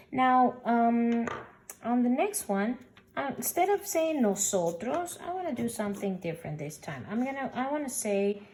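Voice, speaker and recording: Woman Spanish teacher, unhurried recorded lesson, patient, spells out each example word. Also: on the high side, darkish tone, a little hiss or hum. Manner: slow, patient explaining, sounding out example words.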